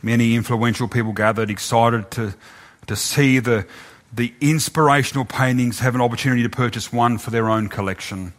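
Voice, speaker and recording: A man preaching, telling a story in a halting way, often repeating his words. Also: medium pitch, fairly even intonation, fairly bright tone. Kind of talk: sermon storytelling.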